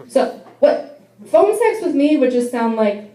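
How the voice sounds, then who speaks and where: A woman's voice: high voice, big pitch swings, measured pace, dark tone, roomy sound, rough recording. A young adult woman doing a stand-up comedy set in a bar, telling wry, self-deprecating stories. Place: bar venue.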